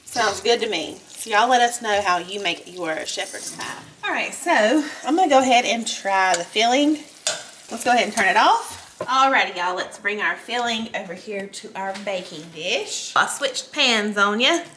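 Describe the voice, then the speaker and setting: Southern woman, home-cooking host, chatty and folksy, mid-pitched, casual kitchen tutorial. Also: expressive, moderate pace, sharp tone, slight background noise. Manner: chatty, folksy, addresses viewers as y'all.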